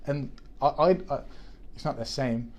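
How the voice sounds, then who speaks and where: A man's voice: mid-range voice, steady tone, normal speed. A man, chatting on a podcast and telling a story with many restarts. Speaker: podcast co-host. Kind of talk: casual chat.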